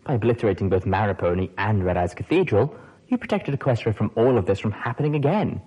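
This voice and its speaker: A man reading the part of an adult female pony radio host, gentle and playfully teasing, with a lively, husky tone. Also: fairly low pitch, fast talker, low-quality recording. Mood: tender.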